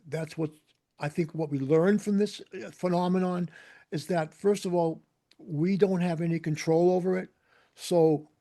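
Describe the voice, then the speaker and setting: An older man, chatting as a guest and telling lively stories between laughs. His voice is gravelly and mellow, set a little higher than most men's. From Boston area. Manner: animated, laughing, acts out quotes. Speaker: guest musician. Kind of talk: casual storytelling chat.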